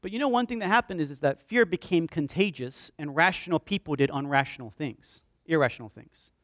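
A man preaching a sermon with passion, swinging from loud declarations to hushed, pleading prayer. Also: on the high side, animated, fairly quick, dry recording, studio quality. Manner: impassioned preaching, swinging from shouts to hushed pleas. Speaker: pastor.

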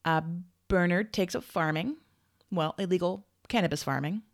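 Chatty podcast lady, says like a lot, kinda low voice. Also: moderate pace. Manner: chatty, heavy use of "like". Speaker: podcast co-host. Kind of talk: casual true-crime storytelling chat.

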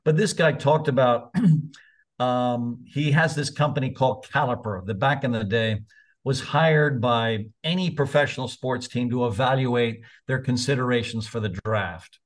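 A man in his seventies, a college soccer coach, spins casual anecdotes in a medium-pitched voice at a slightly slow pace. He comes across as talkative and candid, now and then dropping a mild curse.

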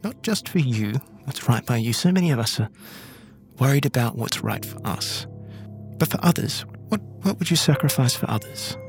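A man voicing an elderly female crime matriarch who speaks quietly and condescendingly in a tabletop game. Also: mid-range voice, lively intonation, normal speed, faint music behind, lightly acted. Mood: cold menace.

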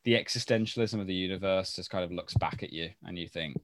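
A man's voice: deep voice, quick pace, no echo. Eager man, dry close voice. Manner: eager, storytelling, with repeated words and fillers. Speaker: podcast co-host. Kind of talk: casual chat.

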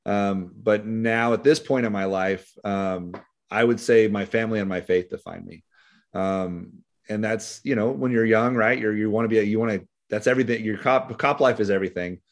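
Middle-aged man, Californian accent, lowish voice, casual rambling talk, lots of fillers. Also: normal speed. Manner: relaxed, rambling with many fillers. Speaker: sheriff's deputy and author, podcast guest. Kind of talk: casual interview storytelling.

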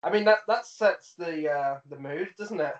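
A man's voice: a little high, moderate pace. A man co-hosting a podcast, chatting casually about a film with lots of swearing and laughter. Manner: swearing, laughing, animated storytelling. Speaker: podcast co-host. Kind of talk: casual film review chat. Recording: roomy, distant, dull sound.

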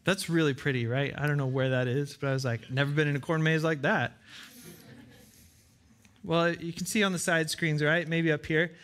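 A man's voice: on the high side, fairly even intonation, moderate pace, fairly bright tone. A man preaching a sermon as pastor in a church, earnest, repeating phrases for emphasis and acting out short dialogues. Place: church with side screens.

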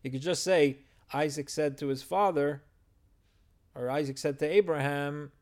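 A man's voice: fairly high pitch, fairly even intonation, normal speed. A man teaching a verse-by-verse Torah text study, explaining and translating Hebrew phrases as he goes.

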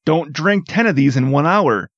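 A man's voice: on the high side, expressive, normal speed, slightly rough, dry recording. A man in a casual podcast chat, rambling with many fillers and frequent swearing. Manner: rambling, says "like" a lot, swears. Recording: dry, dull lo-fi sound.

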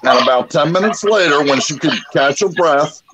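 A man's voice: fairly high pitch, expressive, moderate pace. A man on a podcast, animatedly telling stories with punchlines in casual chat. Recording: noisy podcast recording.

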